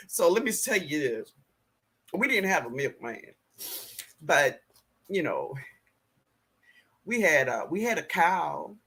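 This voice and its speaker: A middle-aged man hosts a live gardening stream with a husky, slightly raised voice. He talks slowly, with a lively rise and fall in his pitch. He laughs easily and greets his viewers by name as he reads the chat. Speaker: gardening show host reading live chat.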